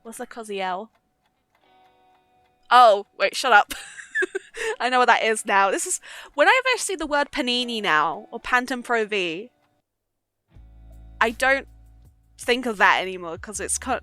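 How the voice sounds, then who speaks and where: A woman's voice: a little high, expressive, moderate pace, long pauses, sharp tone, no room sound. A young woman streaming live, chatting casually and giggling often between sweary asides. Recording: faint background music.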